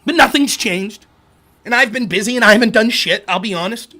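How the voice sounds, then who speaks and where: A man's voice: high-pitched, fairly quick, bright, forceful tone. A man hosting a political livestream, ranting heatedly and sarcastically with frequent swearing. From Pennsylvania. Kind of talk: profane political rant.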